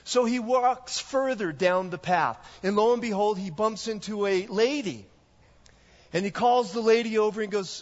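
A male pastor preaching a sermon, telling a story in a measured way. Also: high voice. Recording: echoey hall, dull lo-fi sound.

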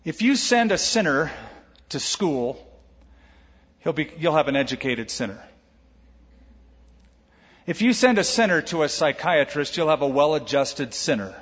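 A man pastor preaching a sermon, lively, acting out quoted voices with humor. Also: a little high, unhurried, long pauses, husky. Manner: animated, acts out quoted voices with jokes. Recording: echoey hall, dull lo-fi sound.

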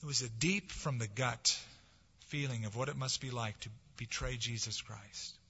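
A man preaching a sermon, swinging from forceful, dramatic lines to soft, hushed ones. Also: medium pitch, normal speed, breathy edge. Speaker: pastor. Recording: dull lo-fi sound with long hall reverb.

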